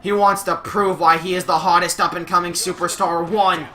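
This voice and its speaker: A young man doing energetic play-by-play commentary over a wrestling video game, shouting at the big moves, his voice going a little rough from use. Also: sits high, normal speed, a little hiss or hum.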